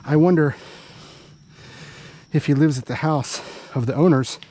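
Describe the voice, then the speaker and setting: A man's voice: a little high, unhurried, warm tone. A middle-aged man, chatting casually as he vlogs outdoors by a cave. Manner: folksy and chatty, talks sweetly to a stray dog. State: out of breath from climbing a hill. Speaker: vlogger. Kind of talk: casual outdoor vlog narration.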